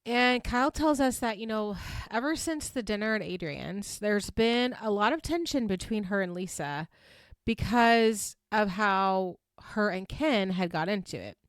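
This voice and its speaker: A woman's voice: mid-range voice, lively intonation, a little slow, smooth, no room sound, studio quality. A tired woman hosting a casual recap podcast, rambling and giggling with lots of "like"s. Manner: chatty, giggly, rambling with many likes. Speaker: podcast host recapping reality TV. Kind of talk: casual chat.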